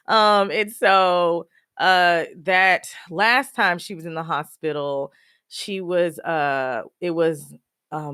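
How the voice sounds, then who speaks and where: A woman's voice: on the low side, bright, forceful tone, clean tone, dry recording, studio quality. A woman podcast host telling a personal story casually, laughing often through sad memories and filling with "you know" and "um.". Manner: many fillers like "you know" and "um".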